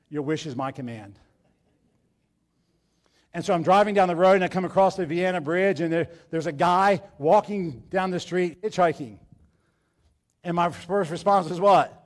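High-pitched pastor guy preaching, tells stories, asks the crowd stuff, gets loud then goes real quiet. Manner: storytelling preacher, asks the congregation questions, repeats words; swings between loud urging and quiet hushed speech. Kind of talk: sermon.

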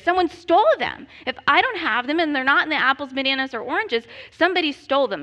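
A woman in her thirties telling a comedic personal story in an animated, self-deprecating way, laughing often. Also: high-pitched.

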